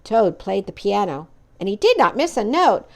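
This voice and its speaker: A woman reading a children's picture book aloud in an expressive, animated way. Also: medium pitch, moderate pace. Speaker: storyteller.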